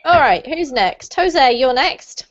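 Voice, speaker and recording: A woman teaching a live online pronunciation class, praising students warmly and laughing often. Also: expressive, slow pace. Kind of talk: live online group lesson. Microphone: video call. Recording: dull low-fidelity video call audio.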